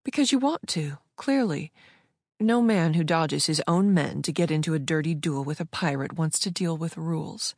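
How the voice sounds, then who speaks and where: A woman's voice: sits low, moderate pace, darkish tone, no echo, clean studio sound. A woman voicing an impish, bold female pirate who taunts and coaxes with playful confidence. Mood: teasing. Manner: taunting, coaxing.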